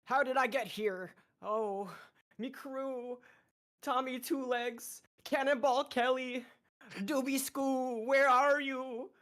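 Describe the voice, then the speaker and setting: A man's voice: very high voice, fairly even intonation, takes it slowly, fairly bright tone, pitched above the performer's own voice, full character voice. A man voicing a young gray-haired pirate airship captain who wails dramatically in put-on pirate speech, over an online voice chat mic. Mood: frantic wailing. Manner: theatrical, wailing for his lost crew.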